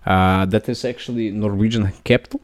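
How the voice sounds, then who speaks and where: A man putting on a clumsy fake Norwegian accent for a podcast outro, halting and full of fillers. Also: fairly low pitch, pitched below the performer's own voice, lightly acted. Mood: playful. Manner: halting, filler-heavy, bumbling mock accent. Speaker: podcast host doing outro.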